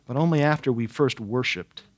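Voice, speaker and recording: A man's voice: medium pitch, moderate pace. A man preaching an expository sermon, asking dramatic rhetorical questions and hammering points home with repetition.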